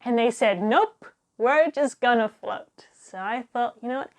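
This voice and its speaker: A young woman tells a diving story in a bright, lively voice, pitched a little high. She talks casually and animatedly, laughs often and acts out what people said. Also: a little slow. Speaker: diver telling stories.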